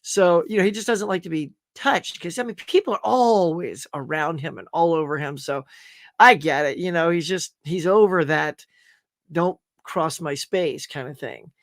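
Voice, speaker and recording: A man's voice: on the high side, normal speed, no room sound, clean studio sound. A man hosting a casual live chat show, rambling through viewer comments with lots of fillers and restarts. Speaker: host.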